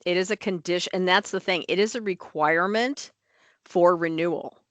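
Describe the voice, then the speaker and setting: Female agency staffer, lower register, dry close sound, emphatic plain explainer at a board meeting. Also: normal speed, no room sound. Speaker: licensing office staff presenting rule changes.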